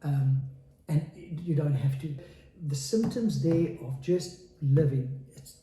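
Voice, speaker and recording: Heard in an echoey room, a slow-paced South African podcast guest in his 40s has a fairly high, warm voice. His interview talk is candid and earnest, with phrases repeated for emphasis.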